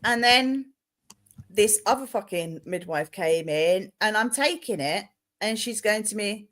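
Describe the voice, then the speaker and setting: Bright, blunt woman. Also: mid-range voice, unhurried. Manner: blunt storyteller, heavy swearing, animated. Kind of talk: casual chat.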